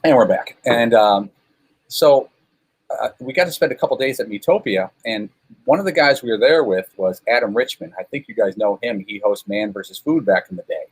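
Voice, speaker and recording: A Chicago man, a guest on a call, tells long, rambling, self-deprecating stories casually, full of fillers. His medium-pitched voice moves at a moderate pace with lively intonation and is slightly rough, and the recording quality is low.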